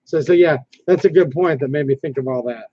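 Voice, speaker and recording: Speaking a little fast in a fairly high voice, this livestream host comes through with no room sound and the dull quality of lo-fi stream audio. His casual stream is full of rambling, viewer comments read out loud, and frequent restarts.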